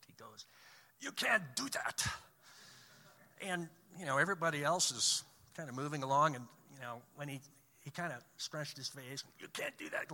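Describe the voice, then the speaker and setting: A man's voice: medium pitch, pushed and bright. A middle-aged man giving an earnest storytelling talk of faith and fear at work, acting out the voices he quotes. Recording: long hall reverb.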